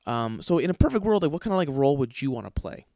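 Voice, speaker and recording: A man hosts his show with a loose, rambling storytelling style, swearing freely and tripping over fillers as he acts out bits of dialogue. His voice sits at an ordinary middle pitch and is recorded close and dry, with no room sound around it. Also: sing-song, fast, gravelly, dark tone, dry recording. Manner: profane, rambling, filler-heavy. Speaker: podcast host. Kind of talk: casual storytelling monologue.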